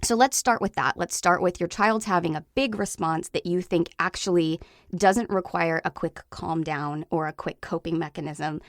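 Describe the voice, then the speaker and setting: A woman in her thirties, a parenting expert explaining her advice on a podcast in a reassuring way, sometimes acting out gentle lines to a child. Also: fairly low pitch, normal speed, dry recording, studio quality.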